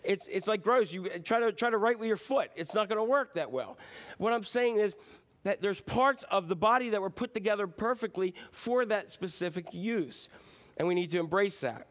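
Animated, conversational man preaching. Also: high voice, normal speed. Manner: conversational, animated, acts out quotes in dropped voice. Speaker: pastor. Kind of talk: sermon.

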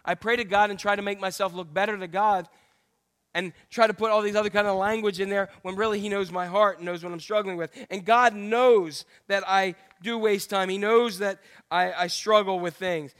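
A middle-aged male pastor preaching a candid, self-deprecating sermon full of jokey asides and sudden high exclamations. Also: steady tone, moderate pace, fairly bright tone, clear, resonant tone. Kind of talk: humorous conversational sermon.

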